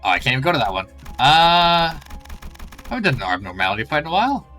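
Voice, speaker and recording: Bright-voiced man streaming a game. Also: on the high side, very animated, fast, faint music behind. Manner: chatty, thinks aloud while playing. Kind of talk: live gameplay commentary.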